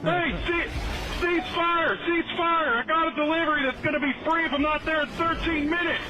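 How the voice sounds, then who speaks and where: A man playing a panicked pizza delivery driver caught in a shootout, yelling in a very high voice. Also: fairly even intonation, normal speed, poor audio. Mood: frantic. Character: frantic young pizza delivery guy in a shootout. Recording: clip with loud music over it.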